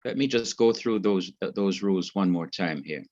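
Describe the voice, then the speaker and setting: A man teaching a beginner Hebrew class, explaining grammar slowly and repeating each key point. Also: sits low, a little mellow, dry recording, muffled recording.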